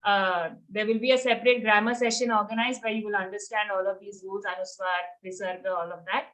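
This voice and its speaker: A woman teaching the chanting of Sanskrit verses in an online lesson. She chants each line slowly, then explains the pronunciation rules quickly and patiently. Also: medium pitch, steady tone, fairly bright tone.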